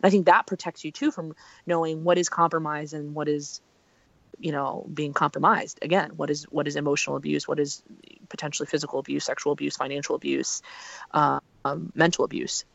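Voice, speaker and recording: A relationship consultant speaking earnestly and emphatically as a podcast guest, at a medium pitch. The sound is dry and slightly dull, like a lo-fi home setup. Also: little pitch movement, a little fast, creaky, a bit bright, no room sound. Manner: earnest, emphatic, many fillers and restarts.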